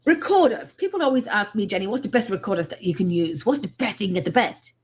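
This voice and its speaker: Talking fast in a mid-range voice, with a little hiss or hum in the background, the middle-aged woman trades emphatic, jokey stories on a paranormal panel. Her humor is blunt and her manner animated and casual.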